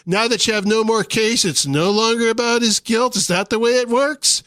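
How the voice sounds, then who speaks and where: Sarcastic, high-voiced radio host. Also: male voice, normal speed, fairly bright tone, no echo, clean studio sound. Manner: sarcastic, indignant. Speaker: radio talk show host. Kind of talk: political commentary monologue.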